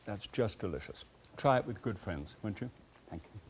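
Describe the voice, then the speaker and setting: Man, cooking show host, talks to the viewer, animated pitch, folksy asides. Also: normal speed. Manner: playful, folksy, full of asides. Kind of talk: chatty talk straight to the viewer.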